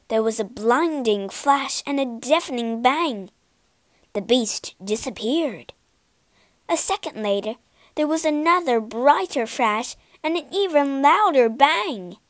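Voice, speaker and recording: Woman storyteller, high, animated, slow read-aloud. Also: no echo. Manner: expressive, unhurried.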